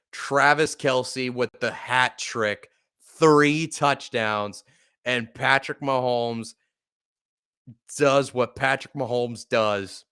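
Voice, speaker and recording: A man calls a football game for his own live stream, a fan more than a broadcaster. His voice is smooth and resonant at an ordinary middle pitch. He swears casually and climbs into excited shouting at big plays. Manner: excitable, profane, shouting when upset. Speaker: sports podcast host. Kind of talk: live play-by-play fan commentary.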